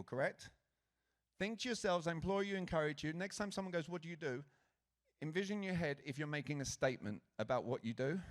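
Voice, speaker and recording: British-born man working a conference crowd. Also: a little high. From Britain. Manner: lively, engaging the crowd with questions. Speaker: conference speaker. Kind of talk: motivational stage talk to an audience. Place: conference stage before a live audience. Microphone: handheld stage mic.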